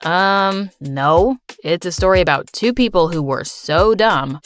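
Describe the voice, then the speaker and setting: A woman voicing a teasing, blunt teenage boy in a low, mocking drawl. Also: a little slow, soft background music, close to an everyday voice.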